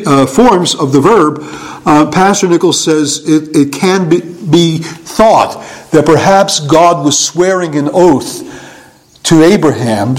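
A middle-aged man teaching in a conversational sermon, musing and halting with small chuckles. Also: a little high, rough recording. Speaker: preacher.

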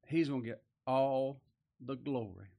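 A man preaching a Bible sermon in a folksy way. He reads scripture aloud and swings between loud stresses and quiet asides. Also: mid-range voice, measured pace, creaky.

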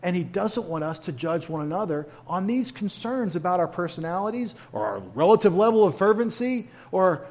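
A man's voice: sits high, sing-song, moderate pace, few pauses, a little mellow. Folksy man teaching a Bible study. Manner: folksy, conversational, with humorous asides.

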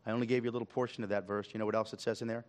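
A male pastor preaching a sermon, swelling loud on key lines and dropping to a hush. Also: lowish voice, level tone, rapid-fire.

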